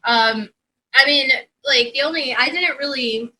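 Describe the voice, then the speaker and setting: A woman's voice: high voice, measured pace, pushed and bright, poor audio. A woman co-hosting a podcast over a video call in casual chat, blunt and swearing, laughing often. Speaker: podcast co-host.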